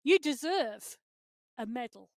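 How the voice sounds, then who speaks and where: Chatty high-voiced female co-commentator. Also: expressive, slow, no room sound. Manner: chatty, teasing, often starts with "I'll tell you something". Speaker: co-commentator and cycling coach. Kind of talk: live esports cycling commentary. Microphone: headset with talkback in ears.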